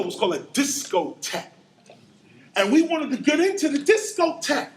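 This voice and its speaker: A middle-aged man giving an animated storytelling lecture, acting out sounds and quotes. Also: extremely high pitch, a little hiss or hum. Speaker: hip hop lecturer.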